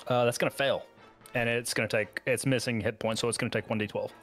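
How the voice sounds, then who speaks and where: A man's voice: medium pitch, steady tone, fast talker, fairly bright tone, soft background music. A man serving as dungeon master for a tabletop game, sounding laid-back and chatty. He pads his rulings with "um" and "like" and laughs readily at the table's jokes. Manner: hesitant, filler-heavy, laughs easily. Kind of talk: casual tabletop game narration.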